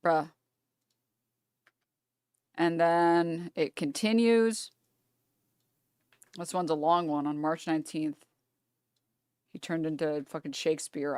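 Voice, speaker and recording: Woman streamer, kinda low smooth voice, dry close mic, reading stuff out loud, stumbly and swears offhand. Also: steady tone, slow, pauses often, no echo. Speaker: live streamer. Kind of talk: casual live-stream reaction, reading messages aloud.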